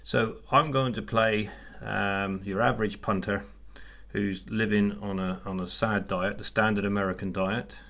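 Give me a middle-aged man chatting on a podcast in a lowish voice, hesitant and friendly. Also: fairly even intonation, measured pace, vocal fry, sharp tone. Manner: chatty, hesitant with many restarts. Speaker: podcast co-host. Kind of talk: casual chat.

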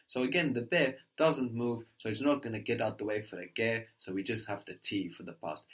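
Patient male language teacher. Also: mid-range voice. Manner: patient, prompting questions, repeats answers slowly. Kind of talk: guided language lesson.

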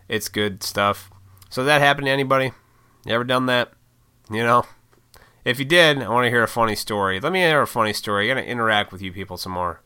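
A man's voice: medium pitch, sharp tone, clear, resonant tone, no echo, clean studio sound. A man in his thirties chatting on his own vlog, rambling and swearing casually with frequent laughs. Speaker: YouTuber and podcaster. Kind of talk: casual solo vlog chat.

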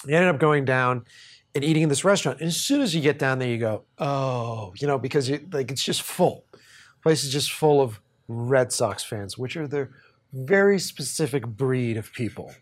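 A man's voice: mid-range voice, moderate pace. A man hosting a podcast, telling a story in a casual, profane way and often laughing. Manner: animated, profane, laughs while telling stories. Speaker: podcast host.

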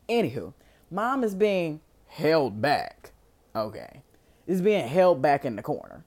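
Woman, movie recap, lively pitch, low-ish voice, slangy comic asides. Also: slow pace. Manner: animated, slangy and comedic, voicing characters in asides. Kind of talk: casual movie recap with acted quotes.

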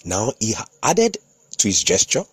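A man's voice: on the low side, huge pitch swings, moderate pace, slightly rough, dry recording. A man hosting a podcast, narrating a story in an instructive, storytelling manner. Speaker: podcast host and communication consultant.

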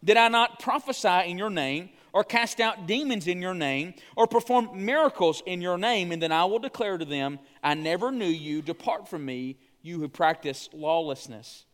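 A man preaching a sermon as pastor, earnest and speaking straight to his church, slowing down on key phrases. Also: high voice, lively intonation, fairly bright tone. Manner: earnest, addresses the congregation directly.

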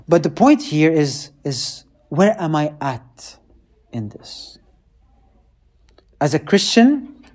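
Male priest, conversational sermon, animated delivery, slightly high voice. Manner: animated, keeps asking listeners "right?".

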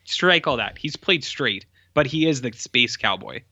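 A man chats loosely on a podcast, his voice bright and forward, circling back with fillers and corrections as he goes. The recording is dry and close, with a slightly dull, lo-fi sound. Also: mid-range voice, lively intonation, a little slow, dry recording. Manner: rambling, lots of "like" fillers and self-corrections. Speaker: podcast co-host reviewing films. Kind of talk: casual chat.

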